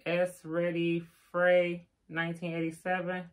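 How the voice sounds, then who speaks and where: A woman's voice: lowish voice, monotone, measured pace. An older woman, chatting casually on a live stream and reading out viewer names with teasing asides. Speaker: vlogger giving live shout-outs.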